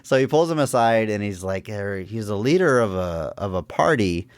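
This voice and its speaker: Brief: male podcast co-host, low-ish voice, dry close sound, lively scene recaps. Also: normal speed, no room sound. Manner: animated retelling of scenes, acts out quotes with laughs. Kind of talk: casual movie-review chat.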